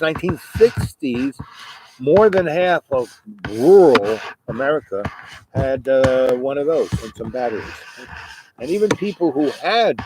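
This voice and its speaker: A man spinning a meandering personal story at a middle pitch, wandering off into asides and fillers. A steady hiss of background noise runs under the voice. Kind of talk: rambling spoken storytelling.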